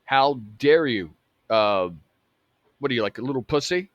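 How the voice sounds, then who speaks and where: A man acting out an angry, mocking middle-aged father who swears and belittles his son. His voice sits at a middling pitch. The sound is dry and close. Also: lively intonation, moderate pace, a bit bright, no room sound, lo-fi sound, natural voice. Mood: scornful. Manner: harsh, mocking, profane.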